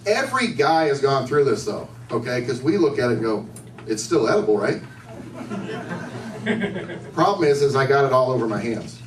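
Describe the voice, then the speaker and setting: A man's voice: medium pitch, big pitch swings, a little fast. A man doing a stand-up set at a bar comedy night, with a loose, rambling delivery, often asking the crowd questions. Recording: echoey room, distant mic, faint noise.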